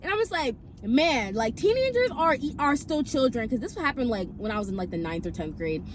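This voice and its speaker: A twenty-year-old woman telling a casual story time, rambling with lots of filler, swearing and sudden pitch jumps. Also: sing-song, fairly quick, background noise. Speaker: vlogger.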